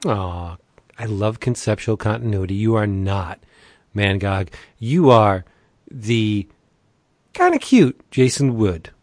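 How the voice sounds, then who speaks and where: A man's voice: lowish voice, expressive, slow pace, darkish tone, dry recording, studio quality. A man hosting a comics podcast with playful, showy banter. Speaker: podcast host. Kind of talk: casual chat.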